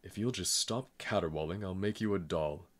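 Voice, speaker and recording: A man's voice: sits low, normal speed, natural voice. A man voicing an irritable old grandmother who scolds and complains. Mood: scolding. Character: stern, irritable old grandmother, fussy and proud.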